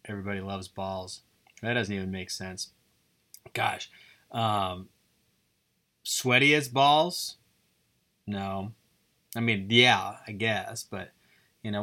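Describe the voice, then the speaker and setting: A man's voice: fairly low pitch, a bit bright. A man hosting his own podcast, rambling through a goofy, self-deprecating solo monologue. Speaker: podcast host.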